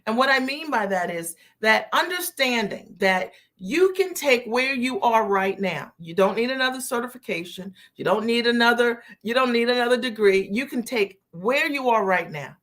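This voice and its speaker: A woman business coach hosting a live stream, greeting viewers by name and repeating her key phrases slowly for emphasis. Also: a little high, lively intonation, a bit bright.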